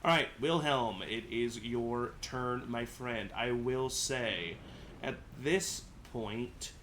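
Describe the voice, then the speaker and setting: A man's voice: medium pitch, takes it slowly, a bit bright, slight background noise. A man narrating a tabletop game as game master, casual and laid-back, chuckling often.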